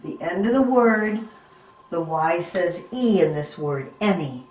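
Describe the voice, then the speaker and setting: A woman's voice: lowish voice, animated, a little slow, a little mellow, a little hiss or hum. A woman teaching a phonics lesson to young children, sounding words out letter by letter and coaxing them with questions. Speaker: reading teacher. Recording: echoey room.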